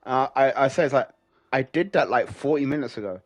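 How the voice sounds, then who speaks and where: A man as a player in a tabletop game, making wry, deadpan asides. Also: mid-range voice, fairly quick, no echo.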